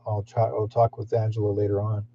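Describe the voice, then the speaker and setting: A man's voice: on the low side, monotone, fairly quick. A man hosting a psychic live stream, talking in a meandering way with frequent fillers and restarts. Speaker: psychic livestream host. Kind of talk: rambling live-stream talk. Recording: dull lo-fi stream audio.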